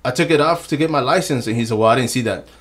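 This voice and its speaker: A man's voice: mid-range voice, very fast, fairly bright tone. A man hosting a podcast, chatting casually in a laid-back, slangy way in a studio. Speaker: podcast host. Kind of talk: casual chat.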